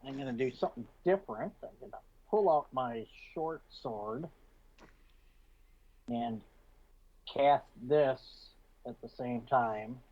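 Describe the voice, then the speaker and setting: A man's voice: medium pitch, expressive, slow, pauses often, mellow, dull audio. A man playing a tabletop game, brief and easygoing as he states his moves. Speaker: player. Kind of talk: casual tabletop play.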